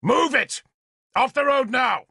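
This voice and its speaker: A man's voice: sits high, lively intonation, normal speed, gravelly, bright, forceful tone, no room sound, clean studio sound, pitched above the performer's own voice, heavily acted. A man doing a snarling aging warrior. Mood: angry. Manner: snarling, barked orders. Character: hardened aging male warrior lord, angry and commanding.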